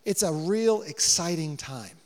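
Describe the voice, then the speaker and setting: Animated high-voiced man preaching in a hall. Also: measured pace. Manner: animated storytelling, acting out dialogue with shifting loudness. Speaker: pastor. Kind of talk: sermon.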